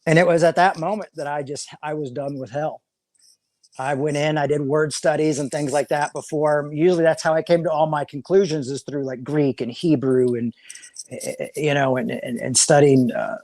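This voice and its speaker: A man's voice: on the high side, steady tone, moderate pace, a little mellow, dry recording. A man, a pastor, talking casually in an interview, rambling with many restarts and repeated words.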